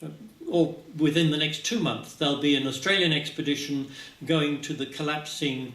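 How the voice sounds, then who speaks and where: A man giving a scientific talk at a symposium, speaking haltingly with many filler sounds, recorded from a distance in a lecture hall. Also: on the high side, a bit bright. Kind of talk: conference presentation. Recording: echoey hall, speaker far from mic.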